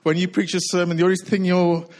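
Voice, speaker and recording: Breathless, high-voiced preaching man. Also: little pitch movement, a little mellow, rough recording. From United Kingdom. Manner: earnest preaching with repetition and slow emphatic phrases. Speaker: pastor. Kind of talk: sermon.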